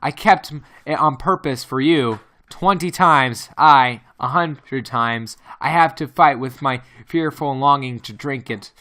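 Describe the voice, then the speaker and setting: A man's voice: medium pitch, a little slow, pushed and bright. A man reading as a stern old professor. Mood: pleading. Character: stern elderly male professor, obstinate uncle.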